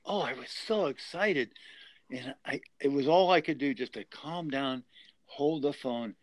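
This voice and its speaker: A man's voice: on the high side, a little slow, no room sound. A man in his sixties earnestly telling a personal survival story as an interview guest. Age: 60s. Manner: earnest, emotional retelling.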